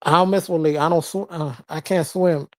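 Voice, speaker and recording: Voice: mid-range voice, fairly even intonation, moderate pace, a little mellow, no echo. A livestreamer chatting casually and reading viewers' messages, laughing constantly while teasing them.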